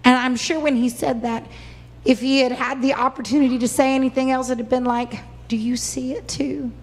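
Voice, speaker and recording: A woman preacher giving an impassioned sermon, acting out quoted voices with big swings in pitch. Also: little pitch movement, brisk, big-room sound. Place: church.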